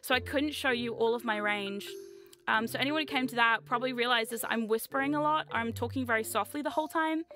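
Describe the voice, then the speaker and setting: Bright chaotic New Zealand woman streamer. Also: fairly high pitch, brisk, faint music behind. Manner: chaotic, loud, laughs often, bursts into screams. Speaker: VTuber streamer. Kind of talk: casual livestream chat.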